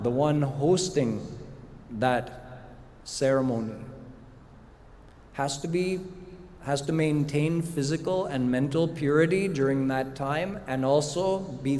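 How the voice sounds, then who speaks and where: A middle-aged man giving a devotional lecture as a spiritual teacher, explaining slowly and deliberately with rhetorical questions. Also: mid-range voice, a little mellow, slight background noise. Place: large hall at a live retreat. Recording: long hall reverb, faint room ambience.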